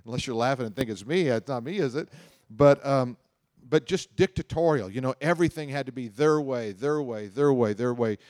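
A man's voice: medium pitch, fairly quick, darkish tone, no echo, clean studio sound. A middle-aged man preaching a sermon in a loose, conversational storytelling way, often repeating himself and adding asides. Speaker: pastor. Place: church auditorium.

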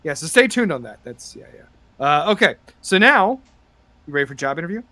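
Man, game master, rambling, excitable, bright tone, somewhat high voice. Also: a little fast, no room sound. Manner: rambling, lots of fillers, excitable. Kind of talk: casual podcast chat and game narration.

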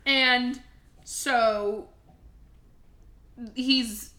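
A woman with a bright voice that sits a little high tells a movie's plot in an animated, profane, playful way. It is a casual podcast chat, and her voice rings in an echoey room. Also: very slow. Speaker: podcast host.

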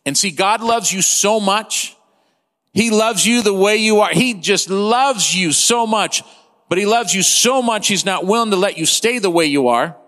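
A man in his fifties preaching a sermon as pastor, impassioned, swinging between loud and hushed delivery. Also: sits high, a little slow. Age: 50s. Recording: long hall reverb.

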